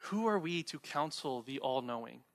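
Bright-voiced male preacher, conversational. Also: mid-range voice, lively intonation, moderate pace. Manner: conversational preaching with rhetorical questions. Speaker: pastor. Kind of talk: sermon.

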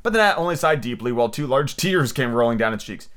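A man's voice: medium pitch, expressive, fast talker, a bit bright. A man hosting a podcast, reading a storybook aloud with chatty, easygoing asides. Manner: chatty, self-correcting, easygoing. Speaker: podcast host and audiobook reader. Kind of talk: casual read-aloud with asides.

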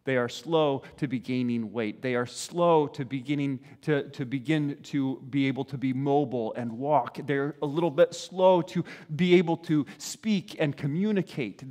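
Man, pastor, conversational sermon, slightly high voice, long hall reverb. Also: a little slow, hardly any pauses, a little mellow. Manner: conversational, frequent "right?" asides, acts out voices of parents and kids.

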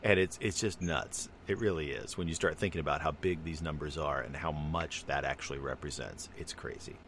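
A man's voice: a bass voice, fairly quick, fairly bright tone, slight background noise. A man in casual conversation, musing at length and rambling through his explanations. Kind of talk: casual chat.

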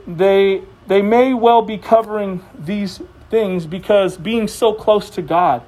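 A man's voice: high voice, takes it slowly, mellow. A male preacher giving a sermon in a conversational way, with jokes between the teaching. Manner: conversational and joking.

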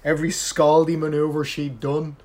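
Guy, co-host type, casual rant voice, a bit higher pitched, swears constantly. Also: moderate pace. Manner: heavy swearing, animated ranting. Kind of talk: casual chat.

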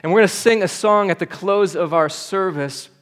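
A man's voice: sits high, moderate pace, a bit bright. A man preaching a sermon at a church service, earnest and building to urgent appeals. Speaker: pastor.

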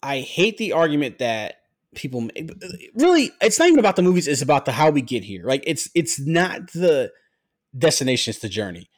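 A man's voice: a little high, very animated, brisk. A man who writes comics, a podcast guest, arguing his point in casual chat, restarting often and swearing.

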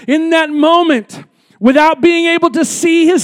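A pastor preaching an impassioned sermon, swinging from hushed passages to shouting, and acting out the people in the story. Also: male voice, extremely high pitch, unhurried, no echo, studio quality. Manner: acts out the pleading nobleman.

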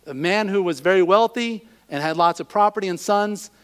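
A man preaching a sermon, animated and acting out the voices of the people he quotes. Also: high voice, fairly quick, clean tone.

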